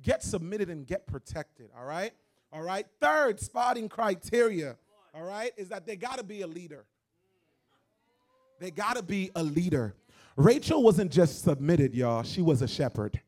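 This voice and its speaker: A man's voice: sits high, sing-song, a little slow, darkish tone. A young man of Haitian background in his twenties, preaching a sermon as a guest pastor with emphatic, repetitive phrasing. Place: church.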